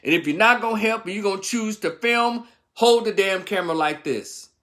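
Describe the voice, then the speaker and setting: A man's voice: high-pitched, normal speed, bright, forceful tone. A man giving a blunt, profane, scolding opinion rant as a vlogger. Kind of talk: ranting commentary.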